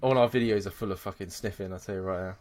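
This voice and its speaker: Excitable swearing man. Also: low-pitched, fast talker. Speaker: podcast host. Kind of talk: casual chat.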